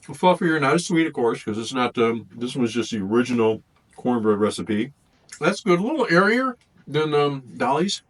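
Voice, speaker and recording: Casual male food vlogger, lively up-and-down delivery, loose and rambling. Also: medium pitch, moderate pace. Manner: rambling, thinks aloud between bites. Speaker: food reviewer. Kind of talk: casual taste-test vlog.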